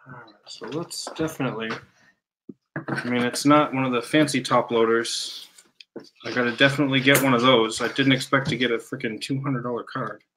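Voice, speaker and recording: A man opening trading cards on a live stream from home, talking excitedly and exclaiming in breathless bursts. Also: mid-range voice, brisk, background noise.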